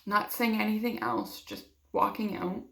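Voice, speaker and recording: This young woman's voice is mid-range, gravelly and a touch bright, with an unhurried, sing-song lilt. Vlogging a personal story, she turns emotional, acts out what people told her, and leans on many fillers, with a roomy echo around her.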